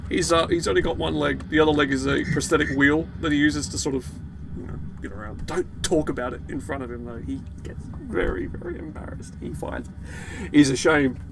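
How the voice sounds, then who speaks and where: A man's voice: fairly high pitch, brisk, creaky. A man giving rambling, jokey let's play commentary, swearing freely as he plays. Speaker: gaming video host.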